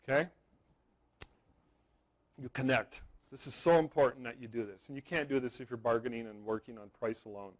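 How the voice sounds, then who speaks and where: A man's voice: medium pitch, brisk, pauses often, rough recording. A man in his forties presenting a live seminar to an audience, telling stories, stressing points by repeating words and checking in with "okay?". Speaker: wedding photography seminar presenter.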